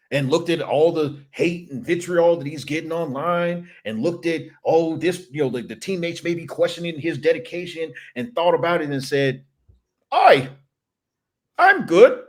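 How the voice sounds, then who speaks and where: A man's voice: a little high, moderate pace. A man guest on a sports podcast, talking emphatically in casual chat with frequent restarts and asides.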